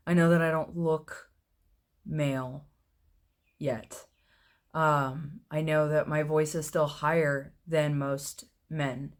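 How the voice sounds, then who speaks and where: A man in his thirties, chatting casually to camera in a personal vlog, with a low, mellow voice, laughing often at himself. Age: 30s. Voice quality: low, mellow voice with little fluctuation. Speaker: vlogger.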